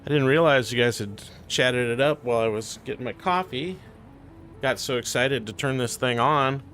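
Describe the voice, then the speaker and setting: A man's voice: medium pitch, normal speed, fairly bright tone, faint music behind. A man streaming a building game, muttering half-sentences to himself and chatting casually with his viewers. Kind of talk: casual live-stream commentary while playing.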